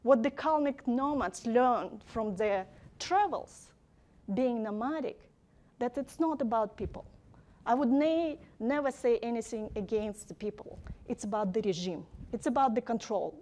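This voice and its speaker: A woman giving an academic lecture, speaking deliberately and emphatically, often posing rhetorical questions. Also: on the high side, lively intonation, a little mellow.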